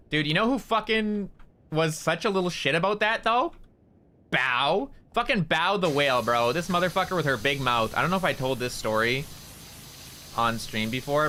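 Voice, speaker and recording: Guy streamer just rambling while gaming, swears a lot, crisp bright voice. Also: medium pitch. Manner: rambling, candid, swears freely, lots of fillers. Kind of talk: casual chat while gaming.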